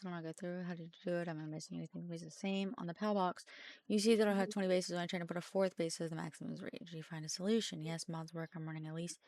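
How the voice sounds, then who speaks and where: A woman streamer reading forum posts aloud during a game stream, halting and mumbling at times. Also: lowish voice, darkish tone, no room sound.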